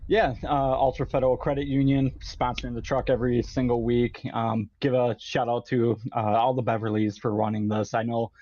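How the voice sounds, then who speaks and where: A man, a racing driver, giving a quick, chatty post-race interview while still catching his breath. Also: mid-range voice, flat delivery, dark tone, no room sound. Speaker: racing driver, second place. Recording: dull lo-fi line with faint noise.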